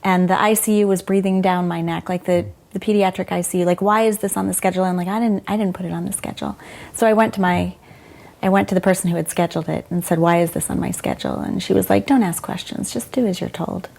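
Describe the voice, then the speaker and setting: A woman's voice: fairly low pitch, fairly even intonation, fast talker, creaky, darkish tone. A middle-aged woman, a former doctor, telling frank, emotional stories in an interview and quoting people as she goes. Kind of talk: candid conversational storytelling.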